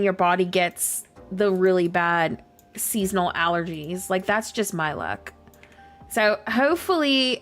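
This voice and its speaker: A woman game streamer with a scratchy, hoarse voice, chatting casually and rambling with lots of "like" while she plays. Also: medium pitch, a bit bright. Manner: chatty, rambling, heavy use of "like". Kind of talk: casual livestream chat while playing.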